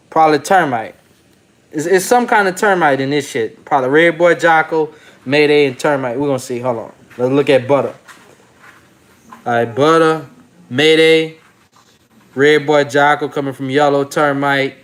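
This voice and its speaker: A man hosting a dog-breeding video channel, speaking in a loose, slangy, rambling way. His voice sits a little higher than most men's. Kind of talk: casual vlog commentary.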